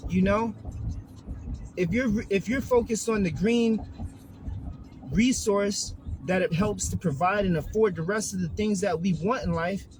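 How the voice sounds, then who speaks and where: A man's voice: high-pitched, measured pace, over music, poor audio. A man with a Brooklyn New York accent delivering a profane, streetwise motivational rant from inside his car. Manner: profane, streetwise, hyped-up preaching. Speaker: vlogger.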